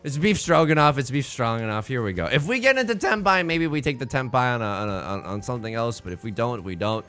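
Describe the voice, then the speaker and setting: A man's voice: mid-range voice, expressive, quick pace, a bit bright, faint music behind. A young man streaming live, telling a rambling, self-mocking story with frequent laughs while he plays a game. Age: young adult.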